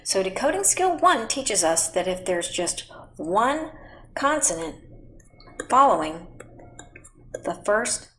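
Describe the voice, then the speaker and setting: A woman teaching a phonics lesson to children at home, speaking slowly and patiently and spelling words out letter by letter. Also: mid-range voice, big pitch swings, pushed and bright, slight background noise, poor audio. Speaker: reading teacher.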